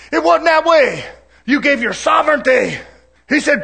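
High, bright-voiced preacher. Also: male voice, fast talker, vocal fry, breathy edge. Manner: preaching with shouted climaxes and sudden quiet asides. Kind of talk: sermon. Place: church.

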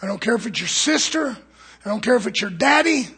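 A man preaching a fiery sermon in a church, swinging from loud shouts to low murmurs. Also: expressive, fairly quick, slightly rough.

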